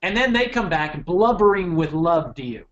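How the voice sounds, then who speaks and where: A middle-aged man giving a motivational business talk to an audience, animated, often repeating words and checking in with the room. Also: a little high, normal speed, dull audio. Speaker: keynote speaker.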